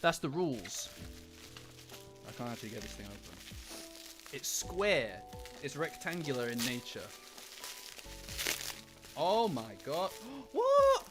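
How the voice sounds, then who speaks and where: An excitable male streamer chatting casually with his viewers and swearing freely. His pitch leaps all over as he gasps and exclaims. Soft music plays faintly behind him. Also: measured pace, pauses often. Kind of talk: casual live-stream chat. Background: faint background music.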